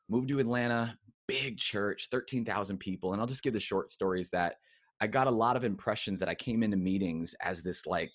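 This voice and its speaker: A man telling personal stories on a podcast, animated and candid, acting out the voices of the people he quotes. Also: on the low side, dry recording, clean studio sound. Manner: animated storyteller who acts out quoted voices. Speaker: podcast guest. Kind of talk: candid conversational storytelling.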